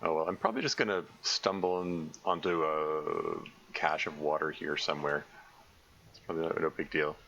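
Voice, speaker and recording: Deep-voiced man rambling through a game stream. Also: sing-song, moderate pace, gravelly, a bit bright. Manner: rambling, self-correcting, frequent stammered restarts. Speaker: streamer playing a survival game. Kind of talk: casual live-stream commentary. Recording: slightly dull lo-fi mic with faint noise.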